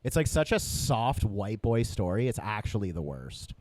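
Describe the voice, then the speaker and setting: Animated man telling a story. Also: on the low side, normal speed, slight background noise. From Canada. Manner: animated, swearing, acts out voices in anecdotes. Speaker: podcast guest, comic and club owner. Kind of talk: casual chat, storytelling.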